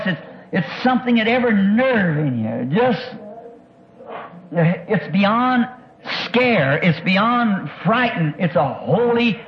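A man preaches a sermon testimony. He speaks earnestly, stumbling over and repeating words as he searches for what to say. The recording is dull and lo-fi, like an old tape. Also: sits high.

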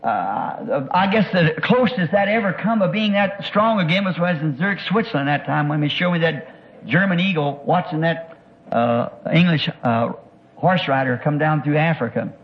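A man's voice: a little high, lively intonation, moderate pace. A man preaches a sermon testimony. He speaks earnestly, stumbling over and repeating words as he searches for what to say. The recording is dull and lo-fi, like an old tape.

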